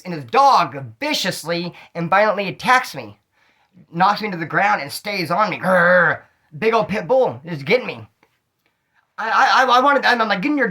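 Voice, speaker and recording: A man telling stories from his own street life in casual slang, animated and acting out the dialogue. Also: high voice. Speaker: storyteller recounting street life. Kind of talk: casual storytelling monologue.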